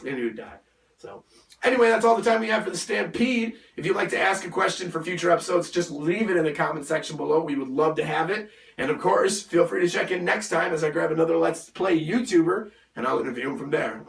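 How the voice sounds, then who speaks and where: A man hosting a gaming chat show, his voice hoarse and gravelly from losing it, a little higher than most men. He jokes around in a loose, talky way. The sound is roomy and echoing, as if the mic sits a way off from him. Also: a bit bright. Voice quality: raspy. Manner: chatty and joking. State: hoarse from a lost voice. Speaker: show host. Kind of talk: casual gaming interview. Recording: echoey room, distant mic.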